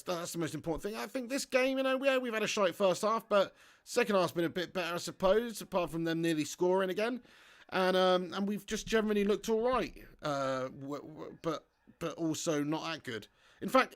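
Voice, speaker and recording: A man hosting a live football watch-along, reading viewer chat aloud, swearing freely and bursting into shouts at big moments. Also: on the high side. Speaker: fan channel host. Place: home setup in front of a green screen.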